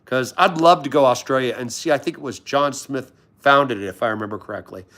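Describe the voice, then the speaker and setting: A man hosting a relaxed livestream from home, chatting in a friendly, rambling way. His pitch sits in an ordinary middle range, and he greets viewers by name. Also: brisk. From Washington, D.C. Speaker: livestream host. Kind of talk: casual livestream chat with viewers. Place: at home in pajamas.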